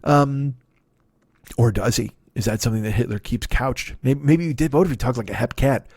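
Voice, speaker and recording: A man's voice: mid-range voice, moderate pace, a little mellow, breathy edge, no room sound, studio quality. A man hosting his own comedy podcast, riffing in a rambling, profane monologue that keeps correcting itself. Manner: profane, digressive, self-correcting.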